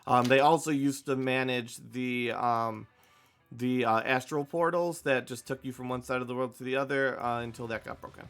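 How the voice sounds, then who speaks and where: A man's voice: mid-range voice, fairly even intonation, moderate pace, fairly bright tone, clear, resonant tone, soft background music. A man running a tabletop game as dungeon master, explaining rules casually with many fillers.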